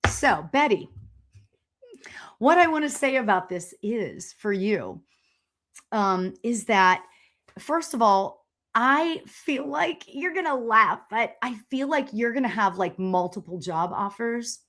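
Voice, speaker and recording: A woman spiritual medium doing a live stream tarot reading. She talks in a gushing, chatty way with many laughs and excited exclamations. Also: a little high, slow. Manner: chatty and rambling, with fillers and restarts.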